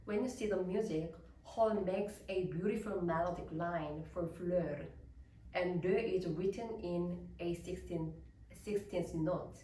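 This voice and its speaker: A woman's voice: fairly low pitch, darkish tone, slight background noise. A woman soprano, a native Korean speaker, giving a careful academic lecture in English and explaining each point step by step. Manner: deliberate, explanatory, reading prepared notes. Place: recital hall. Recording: roomy, echoey hall with distant mic.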